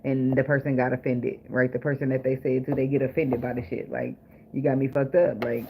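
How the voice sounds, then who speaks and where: Delivering a casual tarot reading a little fast, a man speaks at medium pitch with a flat delivery, yet he's blunt, profane and joking with frequent laughs. The noisy recording has clicks and its highs cut off.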